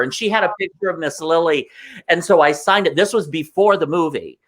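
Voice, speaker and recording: A man as a guest on a talk show, telling stories in an animated, emotional way and acting out the voices of the people in them. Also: on the high side, a little fast. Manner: excitable, emotional, acts out voices in anecdotes. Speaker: guest performer. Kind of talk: animated interview storytelling.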